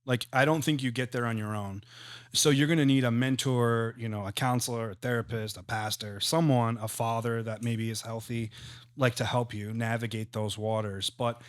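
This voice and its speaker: A man in his thirties talks through ideas in a relaxed podcast chat. He sounds earnest and reflective, his voice sits in a middle register, and the recording is close and dry. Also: mid-range voice, moderate pace, no echo. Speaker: guest, real estate entrepreneur. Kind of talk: casual podcast conversation.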